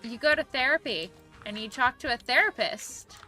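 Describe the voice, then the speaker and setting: A woman streamer chatting casually and quickly, reacting to her viewers' comments. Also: fairly high pitch, animated, sharp tone, soft background music. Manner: chatty, rapid, reacting to chat. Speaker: livestreamer. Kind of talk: casual livestream chat.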